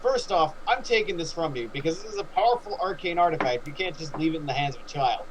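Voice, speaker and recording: A man's voice: on the high side, lively intonation, fast, background noise. A man playing a tabletop game, exasperated and bossy as he takes charge. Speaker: player.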